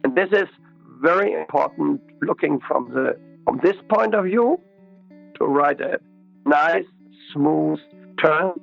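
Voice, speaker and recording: Brief: male riding expert guest, fairly high voice with heavy gravel, slow methodical explainer, dry dull lo-fi sound. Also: soft background music. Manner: slow, methodical, repeats key words. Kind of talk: interview explanation.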